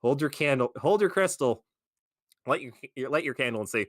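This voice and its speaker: A man's voice: medium pitch, moderate pace, no room sound, clean studio sound. A young man co-hosting a casual stream, reading things out and mocking them with sarcastic, swearing rants. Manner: sarcastic, swearing, animated ranting. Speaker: stream co-host.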